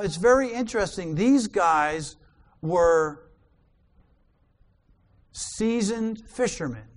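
Animated preacher man reading scripture. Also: high voice. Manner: animated reader, rising loud on quoted lines.

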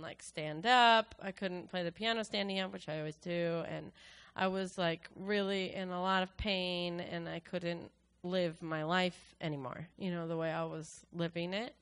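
A woman sharing a personal testimony with her congregation, speaking emotionally and haltingly with many fillers and restarts. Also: medium pitch, fairly bright tone, smooth. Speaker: church worship leader.

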